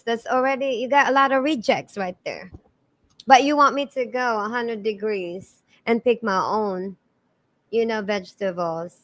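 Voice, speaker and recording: A woman's voice: on the high side, a little slow, a bit bright. A middle-aged woman with a Filipino accent, a podcast guest telling her life story in an earnest way, with many restarts and repeated words. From Philippines. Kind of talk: emotional storytelling in conversation.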